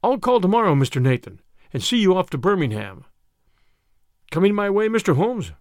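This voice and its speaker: A man reading an audiobook, voicing a brash, hurried male lawyer who talks loudly and insistently. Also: high voice, sing-song, no room sound, clean studio sound, voice pushed up. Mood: pushy.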